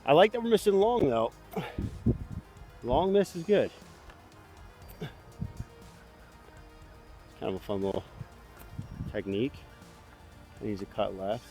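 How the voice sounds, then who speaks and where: Male disc golf vlogger, mid-pitch, a bit winded, quick reactions to each throw, faint music underneath. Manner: excitable, self-critical, talks to himself between throws. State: a bit out of breath. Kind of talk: casual running commentary while playing. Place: outdoors on a disc golf course.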